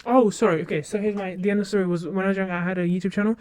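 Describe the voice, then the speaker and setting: A young woman streamer in casual live-stream chat, talking quickly and rambling, with lots of fillers and restarts. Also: mid-range voice, fairly even intonation, a little mellow, dry recording. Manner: rambling, fast and talkative with many fillers. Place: home streaming setup.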